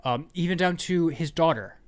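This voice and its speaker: With a fairly high voice at a moderate pace, this man hosts a podcast and talks excitedly about a film in a casual way. Along the way he performs scenes, putting on voices for the quoted parts.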